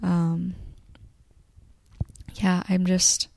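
Gravelly-voiced woman podcast host, heartfelt. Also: lowish voice, little pitch movement, unhurried, mellow, no room sound, clean studio sound. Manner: heartfelt, encouraging, swears casually. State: near tears. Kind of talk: emotional motivational podcast monologue.

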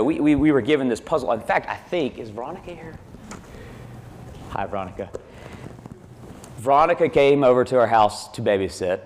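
A man's voice: fairly low pitch, slight background noise. A male pastor preaching a sermon, telling a family story in a conversational way and repeating himself as he goes.

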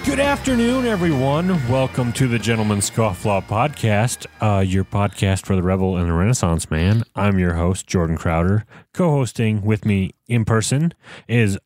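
A man's voice: lowish voice, big pitch swings, normal speed, a little mellow, soft background music. A man from Canada hosting a podcast, chatting casually and rambling off into tangents. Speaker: podcast host. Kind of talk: casual chat.

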